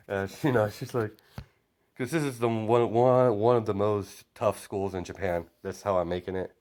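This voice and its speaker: A man's voice: fairly low pitch, steady tone, normal speed, darkish tone. A young man improvising a fan-fiction story aloud, rambling with constant fillers.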